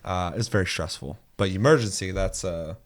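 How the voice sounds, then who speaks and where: A man's voice: deep voice, normal speed. A young man hosting a gaming podcast in casual chat, reading listener comments aloud and telling stories with plenty of swearing. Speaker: podcast host.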